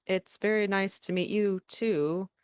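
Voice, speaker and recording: Shy elf woman, halting and flustered, smooth dry voice played by a woman. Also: medium pitch, dry recording, pitched above the performer's own voice, close to an everyday voice. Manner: hesitant, halting speech.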